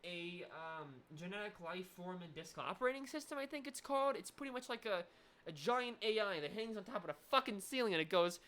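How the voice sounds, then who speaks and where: Loud, sweary young woman gamer. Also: mid-range voice, a little fast. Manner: loud, rambling, sweary, excitable. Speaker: game streamer. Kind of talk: let's play commentary.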